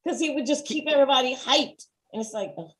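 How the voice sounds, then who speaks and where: A woman co-hosting a casual TV review, chatty and quick to agree, with fast asides. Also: high voice, a bit bright. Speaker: podcast co-host.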